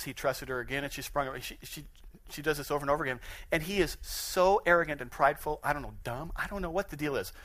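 A man preaching a sermon in an animated, conversational way, often chuckling at his own points. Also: medium pitch. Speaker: pastor.

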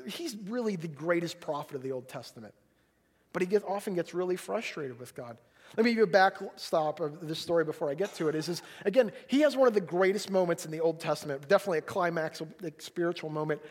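A man with a noticeably high voice delivers a sermon in a chatty, animated way. He keeps asking his listeners questions, leans hard on some lines and drops others to a hush. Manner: animated, swings between loud emphasis and hushed quiet lines; conversational, asks the audience questions. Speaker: pastor.

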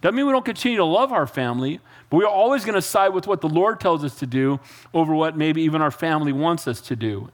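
A man's voice: a little high, lively intonation, quick pace. A man preaching a casual, conversational sermon that walks through a Bible passage and keeps checking in with the congregation. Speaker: pastor.

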